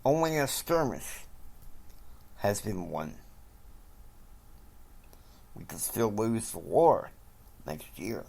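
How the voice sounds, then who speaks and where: A man's voice: lowish voice, very animated, slow, gravelly, long pauses, a little mellow, heavily acted. A man voicing a stern male patriarch who solemnly gives advice.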